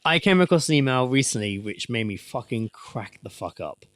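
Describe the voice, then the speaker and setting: A man co-hosting a casual podcast chat, making deadpan jokes and swearing freely. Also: medium pitch, moderate pace, no room sound, clean studio sound, faint music behind. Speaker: podcast co-host.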